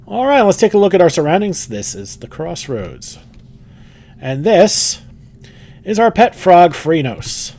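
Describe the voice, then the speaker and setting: Middle-aged man, gaming host, casual upbeat commentary, animated pitch. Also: unhurried. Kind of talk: let's play commentary.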